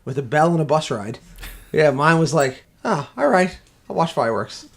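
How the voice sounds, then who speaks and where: A man's voice: fairly high pitch, animated, normal speed, vocal fry. A man co-hosting a casual podcast, rambling through stories with many fillers. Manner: rambling, filler-heavy, laughs easily. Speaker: podcast co-host. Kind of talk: casual chat.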